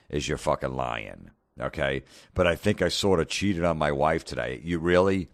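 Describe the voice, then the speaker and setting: Casting: middle-aged man from New Jersey, rumbling low voice, dry close sound, profane mocking comedy rant. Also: fairly bright tone, no echo. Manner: sarcastic, mocking, swears constantly. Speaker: comedian podcast host.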